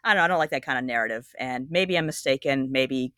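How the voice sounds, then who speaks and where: A woman's voice: extremely low pitch, fast, fairly bright tone, dry recording, studio quality. A woman from Canada hosting a podcast and chatting in a candid, wry, opinionated way. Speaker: podcast host. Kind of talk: casual podcast chat.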